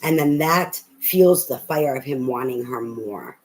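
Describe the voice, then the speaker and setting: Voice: medium pitch, expressive, a little slow, poor audio. A tarot reader giving a casual reading, talking bluntly and emphatically with a lot of profanity and repetition.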